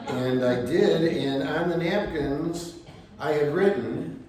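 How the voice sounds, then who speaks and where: An older American man telling animated stories to a live library audience. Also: a little high. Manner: animated anecdotes, quotes others in voices. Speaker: storyteller at a library talk. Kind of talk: live storytelling talk. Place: library event space. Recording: echoey room, mic from a distance.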